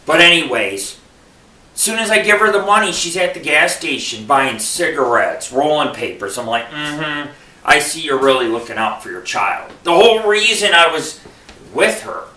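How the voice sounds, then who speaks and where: A man's voice: a little high, pushed and bright. A man from Buffalo hosting a radio show, telling rambling, profane stand-up style stories. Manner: profane, rambling and digressive storytelling. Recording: echoey room, far from the mic.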